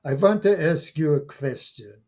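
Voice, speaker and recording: A man's voice: expressive, a little slow, a little mellow. An elderly man in his eighties voicing a pushy old grandmother who drags her grandson along, in an anecdote told during an interview. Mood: insistent. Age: 80s. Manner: shrill and insistent.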